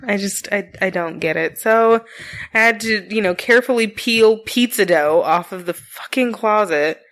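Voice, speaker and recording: A woman in her thirties co-hosting a home podcast, telling stories about her sons with lots of energy. She swears freely and breaks into laughter between lines. Her voice sits at an ordinary middle pitch for a woman. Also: normal speed. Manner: animated storytelling, swears freely, laughs often. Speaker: podcast co-host. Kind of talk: casual chat.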